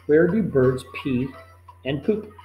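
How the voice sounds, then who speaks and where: A man teaching a life-skills quiz, reading each question slowly and patiently, then repeating it before giving the answer. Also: fairly high pitch, expressive, phone-quality sound, soft background music. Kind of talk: quiz lesson narration.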